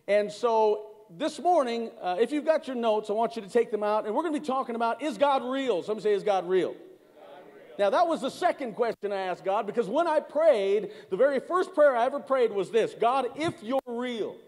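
A man's voice: very high voice, animated, brisk, few pauses, a little mellow, big-room sound. A middle-aged man preaching a sermon as pastor, speaking conversationally, repeating words and calling out to the congregation. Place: church sanctuary.

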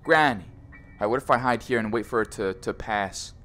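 A man's voice: fairly low pitch, normal speed, bright, forceful tone. A young man commenting on a horror VR game, joking, swearing and teasing, often saying bro. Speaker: gaming YouTuber.

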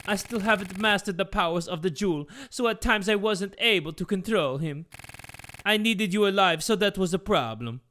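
A man voicing a scheming old father and cult villain, gloating slowly in a strange put-on accent. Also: sits high, sharp tone.

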